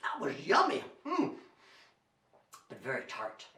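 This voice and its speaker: A man's voice: sits high, animated, measured pace, pushed and bright. A man performing a playful comic juggling act for children and talking straight to the young audience at home. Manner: playful, talks to the kids at home. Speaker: children's entertainer. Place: library show recorded on video. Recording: echoey room.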